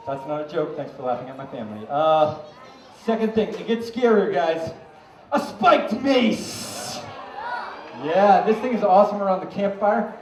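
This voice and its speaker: A man's voice: on the high side, a little mellow, slight background noise. A man from Maine doing a comedic juggling act for a fair crowd, teasing the audience and mocking himself. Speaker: juggling street performer. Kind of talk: comedic stage patter to a crowd. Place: outdoor fair stage. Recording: roomy, distant, muffled outdoor recording with faint ambience.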